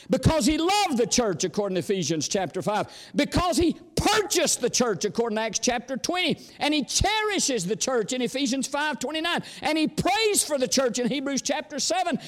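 A visiting preacher with a very high, slightly bright voice delivers a sermon, and a long reverb tail follows his words. His style is folksy and full of stories, at times exclamatory and at times chatty.

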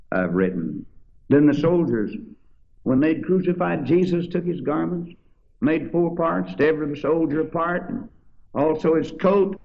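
A male preacher with a lively, swooping delivery reads the old King James verses with dramatic weight. He then drops into plain, conversational commentary. The recording sounds dull and lo-fi. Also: on the high side. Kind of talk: sermon reading scripture aloud with commentary.

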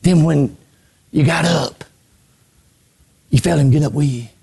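A man preaching a sermon from a church pulpit. He repeats phrases and swings between shouted lines and hushed low ones. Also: measured pace, creaky, slightly rough. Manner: repeats phrases, stammers on restarts. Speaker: pastor.

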